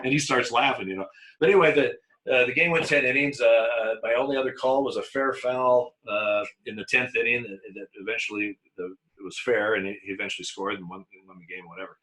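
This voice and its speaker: Brief: man, former umpire guest, very bright tone, slightly low pitch, animated storyteller who stumbles and restarts. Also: fairly quick, poor audio. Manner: animated anecdotes with many restarts and acted-out quotes. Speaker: retired baseball umpire guest. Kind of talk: storytelling in a conversational interview.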